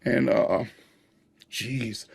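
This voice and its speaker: A man's voice: medium pitch, fairly even intonation, drawn-out words, vocal fry, breathy edge. A middle-aged man, a podcast guest, telling personal stories in an earnest way and chuckling now and then. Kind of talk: personal storytelling in a conversation.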